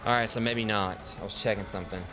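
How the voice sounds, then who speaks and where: Fast-talking gaming streamer man. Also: lowish voice, fairly even intonation, over music. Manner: jokey, talks back to game characters. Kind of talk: casual gameplay commentary.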